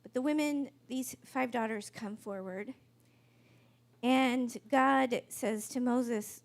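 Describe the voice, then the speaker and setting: High-voiced woman preaching conversationally. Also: slow. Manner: conversational, wry storytelling preacher. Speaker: pastor. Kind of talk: sermon.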